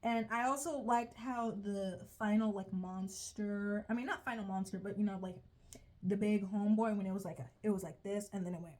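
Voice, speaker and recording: A woman's voice: mid-range voice, steady tone, moderate pace, darkish tone. A young woman giving a casual, rambling, profane video commentary, often stopping mid-sentence and laughing at herself. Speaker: video creator reviewing a show.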